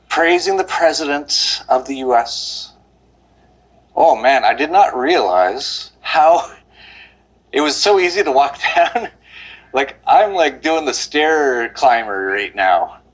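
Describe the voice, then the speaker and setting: Walking up a steep hill outdoors, a man vlogs in a rambling, out-of-breath monologue, sighing often. His voice is fairly high and bright, and the recording quality is low.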